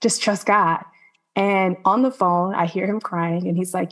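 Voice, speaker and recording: A woman's voice: lowish voice, fairly even intonation, unhurried. A woman telling a personal faith testimony as a podcast guest, earnest and conversational, with many "like" fillers.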